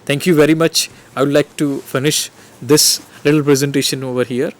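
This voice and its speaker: Male lecturer, earnest, filler-heavy delivery, slightly high pitch. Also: steady tone, a little fast. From India. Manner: earnest, instructive, with many uh fillers and restarts. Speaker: lecturer for trainee teachers. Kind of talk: recorded online lecture.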